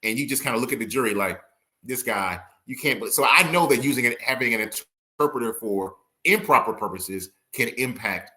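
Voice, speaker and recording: Man, attorney guest, casual interview, rapid delivery, acts out quoted exchanges. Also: medium pitch. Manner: animated, quick, acts out courtroom exchanges. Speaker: attorney guest, former prosecutor.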